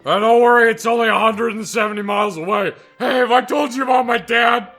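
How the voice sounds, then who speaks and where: A man's voice: very high-pitched, fairly even intonation, brisk, a bit bright, faint music behind, full character voice. A man voicing a chatty, proud steam-carriage driver in a game playthrough, rambling on about his father. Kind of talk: voicing a game character for friends.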